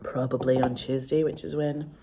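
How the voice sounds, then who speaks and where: A woman with a Scottish accent chatting casually to camera, rambling and animated, swearing freely. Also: a bass voice, moderate pace, slight background noise. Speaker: vlogger.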